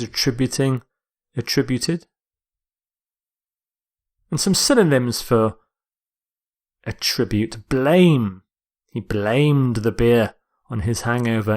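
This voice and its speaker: A man teaching English vocabulary in a lecture, explaining words slowly and deliberately and sometimes correcting himself mid-sentence. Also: mid-range voice, lively intonation, darkish tone. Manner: slow, deliberate, with self-corrections.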